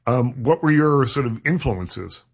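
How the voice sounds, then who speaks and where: A man's voice: medium pitch, animated, measured pace, creaky, breathy edge. A male radio host interviewing a guest, asking attentive questions and reading short plugs. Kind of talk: interview hosting. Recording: dull lo-fi sound.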